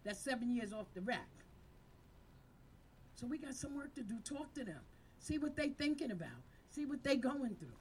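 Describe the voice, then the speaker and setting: A woman's voice: sits high, expressive, normal speed, pauses often, a little mellow, slight background noise. Fired-up woman preaching to her team. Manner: fiery, preaching, call-and-response. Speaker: community violence-prevention leader. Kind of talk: impassioned speech to a team. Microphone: handheld microphone.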